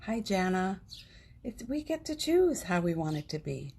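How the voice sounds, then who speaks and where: Soft husky-voiced woman hosting a live stream. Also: lowish voice, sing-song, normal speed. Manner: gentle, affectionate and uplifting, greets viewers by name; laughs often, speaks softly. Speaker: host of a morning live stream. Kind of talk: casual live-stream chat to viewers. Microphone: phone.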